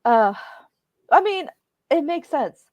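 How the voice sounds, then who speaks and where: A woman's voice: high voice, sing-song, takes it slowly, dry recording, muffled recording. A woman co-hosting a show in casual chat, telling stories expressively and laughing often. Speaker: co-host.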